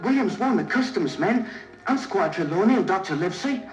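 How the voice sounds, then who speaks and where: A man's voice: high voice, lively intonation, fairly quick. An actor playing an earnest young boy, the innkeeper's son, on a vintage children's story record. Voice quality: eager, polite. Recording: echoey vintage vinyl with music behind.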